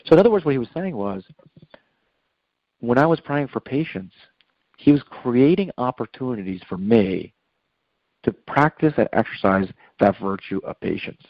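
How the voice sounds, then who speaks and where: A man's voice: mid-range voice, expressive, moderate pace, long pauses, no echo. A man sharing a personal faith testimony as a radio guest, rambling with many fillers and restarts. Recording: muffled radio studio audio.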